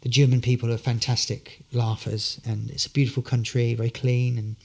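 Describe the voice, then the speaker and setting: A man's voice: mid-range voice, flat delivery, a little fast, gravelly, darkish tone. A man telling a long anecdote as a podcast guest, full of fillers and restarts. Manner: rambling storyteller, many fillers and restarts. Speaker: guest, street performer.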